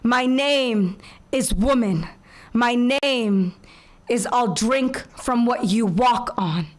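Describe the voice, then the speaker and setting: A woman in her twenties performing spoken word poetry at an open mic, with a slow, measured, rhythmic delivery. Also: a little high, a little hiss or hum. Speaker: featured poet. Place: open mic venue with audience.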